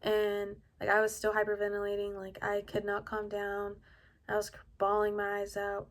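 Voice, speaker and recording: A woman telling a personal story in a casual vlog, soft-spoken and rambling, with lots of "like" and a hushed delivery. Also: mid-range voice, completely flat delivery, normal speed. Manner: often drops to a hushed, quiet delivery. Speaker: vlogger telling her own story.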